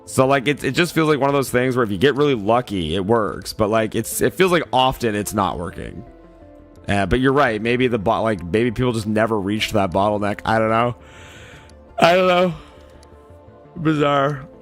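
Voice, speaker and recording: A man who has just woken up, with a raspy voice, chatting casually on a livestream, greeting viewers and rambling with lots of fillers. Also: on the low side, expressive, fairly quick, faint music behind. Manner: loose and rambling, many "like" fillers, greets chat by name. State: just woke up, yawning. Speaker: streamer.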